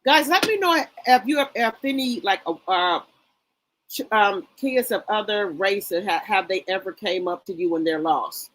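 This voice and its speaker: A woman's voice: medium pitch, animated, measured pace, fairly bright tone, slight background noise, rough recording. A middle-aged woman hosting a casual livestream, greeting viewers by name and chatting loosely with lots of fillers. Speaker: livestream host. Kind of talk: casual live chat reading viewer comments.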